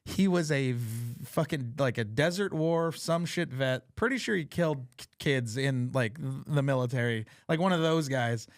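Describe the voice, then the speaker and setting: A man's voice: mid-range voice, moderate pace, hardly any pauses, no echo. Laughing, story-telling man, dry close mic. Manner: laughs often, animated storyteller, swears freely. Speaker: podcast host. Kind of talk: casual storytelling chat.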